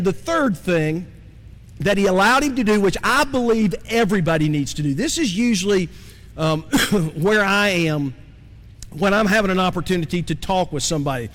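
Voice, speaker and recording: A male pastor preaches with a high, lively voice that swings up and down as he talks. He keeps it conversational and turns to his listeners with questions. The sound carries a long reverb, as if from a large sanctuary. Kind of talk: sermon.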